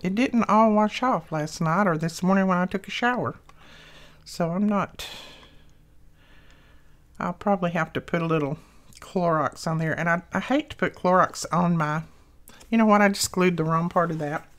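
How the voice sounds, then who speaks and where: A woman's voice: fairly low pitch, moderate pace, pauses often. An older woman hosting a crafting video, chatting casually and telling homey family stories as she works. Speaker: crafting channel host.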